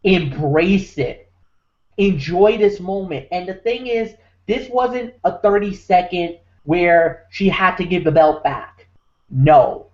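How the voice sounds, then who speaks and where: Man, recap show host, deliberate, emphatic, muffled audio. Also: high voice, animated. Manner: emphatic preacher-like delivery. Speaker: podcast host. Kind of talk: wrestling recap chat.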